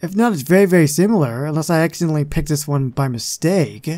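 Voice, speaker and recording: A chatty man narrates his gameplay with a mellow, rounded tone. He drifts into muttered, self-deprecating asides. His voice sits slightly high. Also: lively intonation, quick pace. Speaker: gaming channel host. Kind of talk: casual gameplay commentary.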